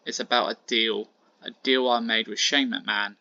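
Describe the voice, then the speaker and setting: Brief: steely woman wrestler turning heel, low and quiet, read by a man in plain voice, on a dull lo-fi track. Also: fairly even intonation, moderate pace, no echo. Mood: cold. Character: female wrestler turning on her partner, cold, determined.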